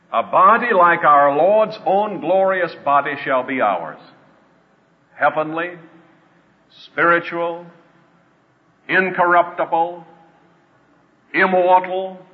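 Male preacher, slightly high voice, earnest sermon delivery, dull lo-fi sound. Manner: earnest, slows down to stress points. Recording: dull lo-fi with long reverb.

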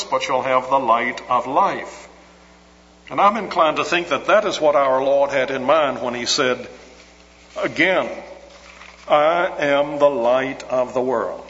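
A man's voice: fairly high pitch, a bit bright. Man preaching in a reverberant hall. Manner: measured, emphatic, slows to stress key words. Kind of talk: expository sermon. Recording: long hall reverb, dull lo-fi sound.

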